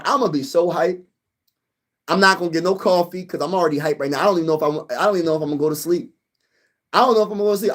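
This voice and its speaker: A young man with a noticeably high voice hosts a casual sports livestream. He talks to his chat with hyped, trash-talking fan energy, riding the highs as he banters.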